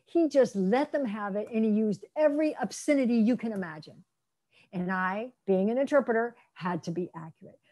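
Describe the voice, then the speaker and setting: A middle-aged woman giving a lecture on interpreting, acting out the people she quotes in lively role-play. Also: medium pitch. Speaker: interpreter trainer. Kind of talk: lecture presentation.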